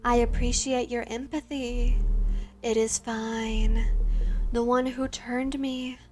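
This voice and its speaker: A woman's voice: a little high, darkish tone. A woman voicing a lonely, formal vampire ghost. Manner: formal, measured, melancholy.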